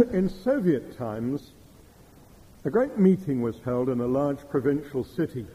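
Slow, lively preacher. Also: male voice, medium pitch, poor audio. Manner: measured storytelling with quoted Russian phrases. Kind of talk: sermon.

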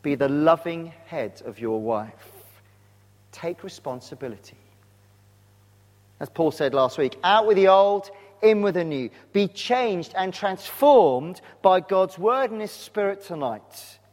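Male preacher, slightly high voice, earnest, asks the flock pointed questions; long church-hall echo. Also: expressive, slow pace, darkish tone. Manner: earnest, direct questions to the congregation. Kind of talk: sermon. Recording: long reverb of a large hall.

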